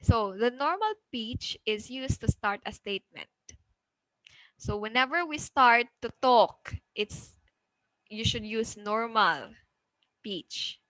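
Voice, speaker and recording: A woman with a Cebuano Filipino accent gives an online lesson in a slow, unhurried way. Her voice sits a little high and sounds bright and clear. The sound is dry and close, and she keeps checking in with her students. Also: no room sound, rough recording. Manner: frequent "okay?" checks, mixes English with Cebuano. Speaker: teacher. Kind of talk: online class lecture.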